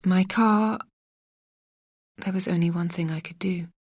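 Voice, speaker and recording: A woman's voice: lowish voice, steady tone, unhurried, a little mellow, husky, no room sound, studio quality. A woman narrating a first-person suspense audiobook, raising her voice into urgent, anxious tones for the dialogue.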